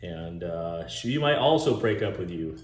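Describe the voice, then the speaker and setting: A man rambling casually with lots of swearing about movie ideas, talking in an animated, chuckling way. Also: low voice, unhurried, reverberant. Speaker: movie vlogger.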